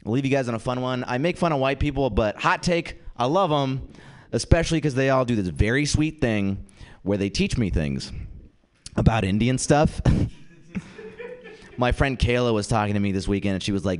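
A man's voice: mid-range voice, moderate pace. A young man hosting a comedy night and doing a self-mocking stand-up set. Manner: lively, self-mocking, switches into mock voices for quoted people. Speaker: comedy show host and stand-up comic. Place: comedy venue with live audience.

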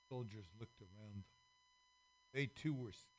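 A man's voice: fairly low pitch, unhurried, pauses often. A man reading a children's story aloud on a radio show, acting out the characters. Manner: expressive, acts out the characters, varies loudness a lot.

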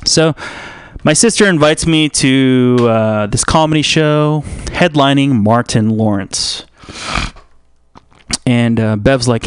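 A man's voice: medium pitch, takes it slowly, smooth, no echo. A man hosting a radio show, rambling through a profane comic monologue full of "uh". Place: radio studio.

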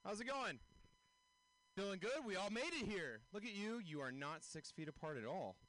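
A young man doing stand-up comedy, his pitch sitting fairly high and swinging wildly. He jumps into squeaky voices for his bits. He works a handheld stage mic at an outdoor show. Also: big pitch swings, moderate pace, fairly bright tone, rough recording.

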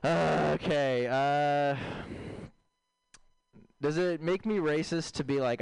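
A man doing an open-mic stand-up set of deadpan one-liners with rambling asides, on a comedy stage with a handheld mic. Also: a little high, slow, creaky, smooth, no echo. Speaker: stand-up comic.

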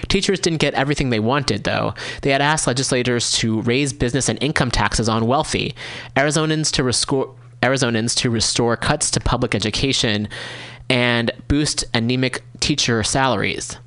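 A man's voice: mid-range voice, a bit bright. A male radio host reading a news article aloud and describing a chart, breaking in with candid, casual asides. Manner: casual, candid asides between read passages. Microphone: studio microphone, no camera.

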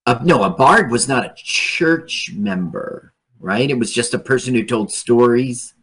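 A man's voice: mid-range voice, expressive, unhurried, fairly bright tone, breathy edge. A man casually joking with a co-host over an old film, asking questions and putting on silly voices. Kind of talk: casual banter over a movie.

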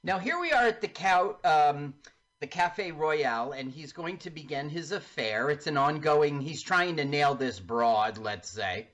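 A radio host talking a listener through a film, lively and slipping into mock accents for the characters. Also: medium pitch, a little slow. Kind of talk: casual radio talk with film commentary.

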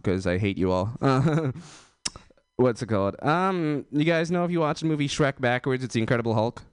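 A man's voice: mid-range voice, clear, resonant tone, no room sound, studio quality. A man doing an open-mic stand-up set, rambling and self-deprecating, with lots of fillers. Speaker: stand-up comedian.

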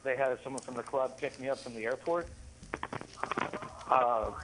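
A relaxed man chatting as a radio guest. His voice sits mid-range, carrying a faint hiss in the background. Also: medium pitch, normal speed. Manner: laid-back, asks short questions. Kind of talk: casual radio chat.

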